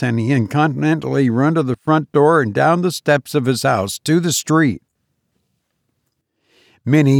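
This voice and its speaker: A man narrating a classic story as an audiobook, in a measured, expressive way. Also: mid-range voice, no room sound, clean studio sound.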